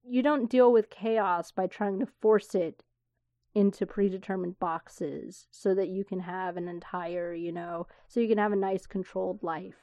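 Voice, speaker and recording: A woman's voice: mid-range voice, steady tone, measured pace, mellow, dry recording. A woman hosting a podcast alone, talking in a candid, rambling way with swearing and asides. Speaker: podcast host. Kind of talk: casual solo podcast talk.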